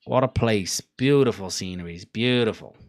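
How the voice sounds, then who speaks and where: A man's voice: lowish voice, moderate pace. Chatty Cardiff-accented man. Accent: Cardiff Welsh. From Wales. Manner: chatty, rambling, swears freely. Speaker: livestream host. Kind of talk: casual livestream chat.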